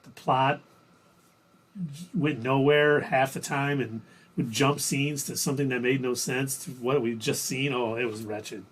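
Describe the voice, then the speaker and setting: Husky guy cohosting a stream, laid back, chuckles a lot, mid pitch. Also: steady tone, a little slow. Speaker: stream co-host. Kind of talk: casual chat.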